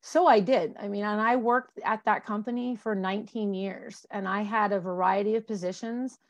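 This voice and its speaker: A woman's voice: medium pitch, steady tone, normal speed, highs cut off. A woman in her forties, a guest reflecting candidly on her life, with many fillers and restarts. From Colorado, USA. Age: 40s. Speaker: interview guest. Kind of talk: candid personal conversation.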